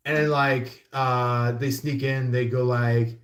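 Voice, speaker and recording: A man rambles through a casual tarot reading, leaning hard on fillers and acting out bits of dialogue. He talks at an unhurried pace and a middle pitch, and the room around him echoes. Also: flat delivery. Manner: rambling, heavy with fillers, acts out quotes. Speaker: tarot reader.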